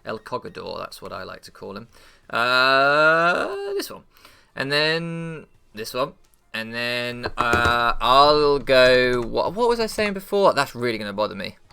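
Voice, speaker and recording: Rambling young English host, bright voice with gravelly fry, swears and stumbles over his words. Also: mid-range voice, animated, unhurried. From England. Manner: rambling, swears freely, loses his train of thought. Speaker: channel host and league player. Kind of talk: casual rambling chat before a match.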